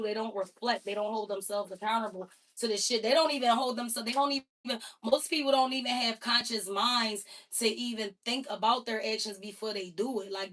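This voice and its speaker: A woman with a high voice holds forth on her livestream in a loose, profane, animated rant. She sits a step away from the microphone, so her voice comes across slightly distant. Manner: emphatic, heavily profane, animated storytelling. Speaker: livestream host. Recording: voice a bit far from the mic.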